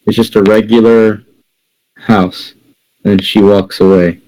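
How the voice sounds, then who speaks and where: A man narrating a tabletop game as game master, calmly describing scenes to the players. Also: on the low side, poor audio. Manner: unhurried, describes scenes in second person.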